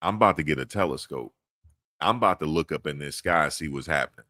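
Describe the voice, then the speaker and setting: A middle-aged man talks in a loose, rambling way as host of a casual chat. His voice sits very low. The sound is dry with almost no room around it. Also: animated, fast talker, pushed and bright, no echo. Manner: laid-back, rambling, chuckles at own jokes. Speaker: podcast host.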